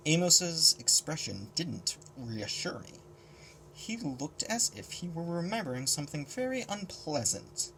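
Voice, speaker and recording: A man narrates a novel in first person, and his pitch swings widely from line to line. His delivery is casual and expressive as he shifts into character voices. A faint hum of room ambience sits underneath. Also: measured pace, gravelly. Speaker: audiobook reader.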